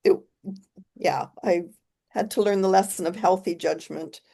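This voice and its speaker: A woman presenting on a video call, speaking softly and reflectively, often trailing off and restarting. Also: fairly low pitch, fairly even intonation, a little slow, gravelly, slightly rough. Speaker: guest presenter. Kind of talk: casual video call chat.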